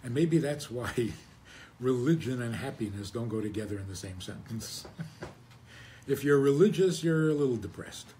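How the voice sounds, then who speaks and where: A man's voice: medium pitch, animated, normal speed, mellow, slight background noise. A man, a rabbi, giving a conversational religious talk with wry humor, rhetorical questions and frequent chuckles.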